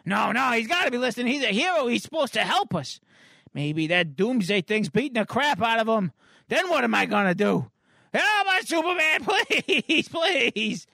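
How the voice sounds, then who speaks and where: A man voicing a panicked teenage boy trapped in a burning house, pleading in a high, strained voice. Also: sing-song, moderate pace, gravelly, sharp tone, no room sound, clean studio sound, heavily acted. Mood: desperate.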